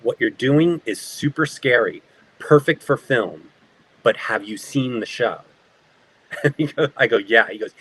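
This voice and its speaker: A man who works as an actor, a guest telling lively stories in casual talk. He acts out quoted lines and often laughs. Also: mid-range voice, moderate pace, husky, rough recording.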